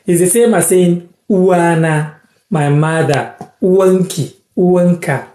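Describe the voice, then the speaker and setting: Slow, mellow man teaching live. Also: high voice, echoey room. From Ghana. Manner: repeats words slowly, thanks viewers by name. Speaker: language teacher on a live stream. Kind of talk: casual live-stream lesson.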